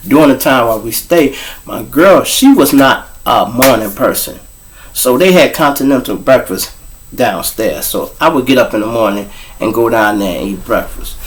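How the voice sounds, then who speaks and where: A man from Chicago hosting his show, telling a story in a casual, profane style full of street slang. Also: mid-range voice. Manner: profane, street slang, addresses listeners as y'all. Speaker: host, storyteller.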